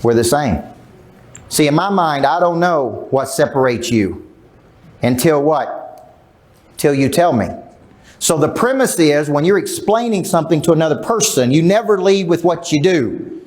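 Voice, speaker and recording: A man's voice: fairly high pitch, animated, measured pace, darkish tone. A middle-aged man giving a live seminar as a sales coach, emphatic, quizzing the crowd and acting out quotes. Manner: emphatic, asks the crowd questions, acts out quotes. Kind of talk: live seminar talk to an audience. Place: large event room.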